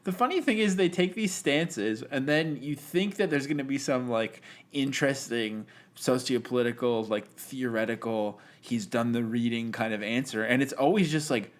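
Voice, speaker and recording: A man's voice: medium pitch, animated, moderate pace, hardly any pauses. A young man as a guest on a podcast, chatting casually and animatedly, laughing and swearing as he talks.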